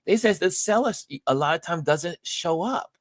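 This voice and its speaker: A man's voice: fairly high pitch, moderate pace, no room sound. A man hosting a live stream, chatting casually and animatedly acting out the people in his stories. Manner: animated storyteller, acts out others' lines. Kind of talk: casual chat.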